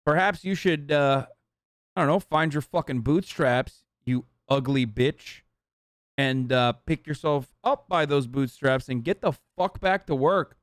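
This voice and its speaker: A man tears into a video in a profane, mocking rant, his voice sitting fairly high. The sound is dry and close to the mic. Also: measured pace, no room sound. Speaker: political commentator streamer reacting to a clip. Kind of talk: heated live-stream commentary.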